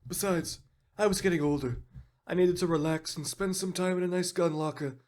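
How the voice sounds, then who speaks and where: A man's voice: high-pitched, fairly quick, darkish tone, voice pushed up, lightly acted. A folksy, grandfatherly old veteran rifle, as a man puts him on, speaking in a raised voice. He drawls on like a kindly elder in a comedy skit.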